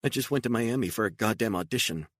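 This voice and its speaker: A man's voice: on the low side, animated, fast talker, a bit bright, no echo, studio quality, pitched above the performer's own voice. A man voicing an anxious, pleading woman. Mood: tearful. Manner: pleading, incredulous, raising voice. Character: frightened, emotional adult woman on the run.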